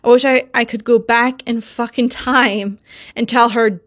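Emotional young woman with a high voice. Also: steady tone, unhurried. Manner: emotional, swearing, insistent. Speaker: podcast host. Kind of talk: solo podcast monologue.

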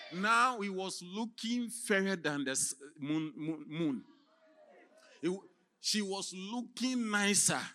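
A man preaching as a theatrical storyteller, with sudden shouts and sound effects. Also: on the high side. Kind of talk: dramatic sermon storytelling.

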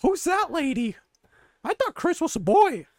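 A goofy male sea turtle chatters in a very high, bouncy voice, wide-eyed and giggling, as a woman acts him out. The recording is dry and close, for a comedic fan dub. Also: very animated, unhurried, a little mellow, no echo, full character voice. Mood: curious.

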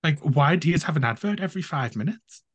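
A man's voice: fairly high pitch, expressive, quick pace, slightly rough, no room sound, dull audio. A man from the United Kingdom co-hosting a podcast, chatting casually and rambling with many fillers and restarts. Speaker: podcast co-host.

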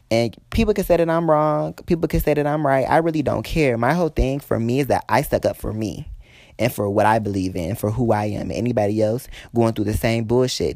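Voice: medium pitch, darkish tone, dry recording. Blunt storytime vent, swears a lot, talks right to the viewers, dry close sound. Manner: heated, blunt, swears freely; speaks straight to viewers. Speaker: vlogger telling a work story. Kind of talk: storytime venting to the camera.

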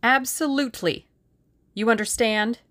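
A woman's voice: a little high, a little slow, pitched above the performer's own voice. A woman doing a bossy, brash young Englishman. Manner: forceful, bossy bursts. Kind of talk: audiobook character reading.

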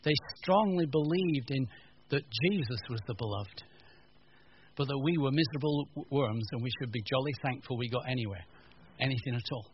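A man preaching a sermon, telling a story and acting out the quotes with lively energy. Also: mid-range voice, brisk. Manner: storytelling, animated retelling with quotes. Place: church teaching session. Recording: muffled lo-fi recording, faint room noise.

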